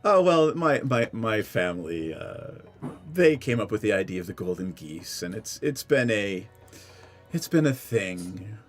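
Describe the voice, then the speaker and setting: A man's voice: lowish voice, very animated, faint music behind, voice pushed down. A man doing a stammering heir of a rich family. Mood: sheepish. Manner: stammering, halting.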